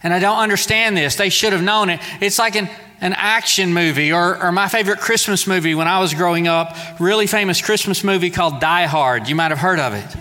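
Guy preaching in a church, kinda high bright voice, big hall echo, chatty and jokey. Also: brisk. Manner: conversational preaching with playful asides. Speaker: pastor. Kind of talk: sermon. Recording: long hall reverb.

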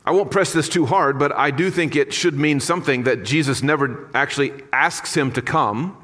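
A man's voice: fairly high pitch, normal speed, fairly bright tone, in a large hall. A man preaching a sermon in an earnest, conversational way with casual asides. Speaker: pastor.

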